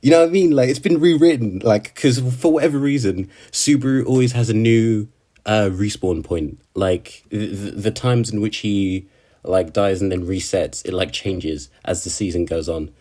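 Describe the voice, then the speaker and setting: A man's voice: fairly low pitch, moderate pace, warm tone. A man casually recapping an anime episode, rambling with lots of fillers and tag questions. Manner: rambling, full of fillers and "right?". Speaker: anime video creator.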